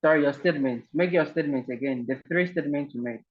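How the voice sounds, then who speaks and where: A man's voice: a little high, quick pace, slightly rough, dull audio. Polite man hosting an online game. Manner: polite, repeats words, many fillers. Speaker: online session host. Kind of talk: casual video call game hosting. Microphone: video call.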